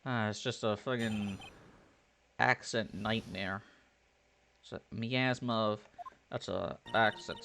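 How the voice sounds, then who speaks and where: A man's voice: fairly low pitch, steady tone, slow pace, gravelly, long pauses, fairly bright tone, slight background noise. A man giving casual, joking commentary over a video game, with irreverent asides and swearing. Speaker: let's play host.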